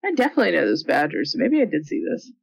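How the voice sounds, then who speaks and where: A woman's voice: low voice, very animated, racing, gravelly. A woman co-hosting a podcast, making wry, teasing remarks while watching a movie. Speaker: podcast co-host. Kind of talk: casual movie-watch commentary. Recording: dull lo-fi sound.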